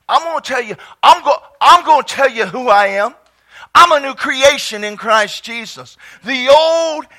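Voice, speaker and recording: A man preaching a fervent sermon who breaks into shouted exclamations of praise. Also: high voice.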